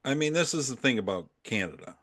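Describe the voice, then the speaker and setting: A man's voice: medium pitch, big pitch swings, quick pace, fairly bright tone. A middle-aged man hosting a political podcast, chatting casually with a wry, sarcastic edge and frequent laughs. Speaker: podcast host. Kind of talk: casual opinionated chat.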